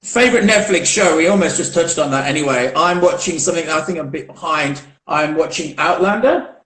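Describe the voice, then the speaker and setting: A man's voice: fairly high pitch, brisk, fairly bright tone, a little hiss or hum. Chatty man on an echoey call. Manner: chatty, giggly, full of fillers and restarts. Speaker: host. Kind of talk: casual live video chat interview. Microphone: video call. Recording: roomy echo on a video call.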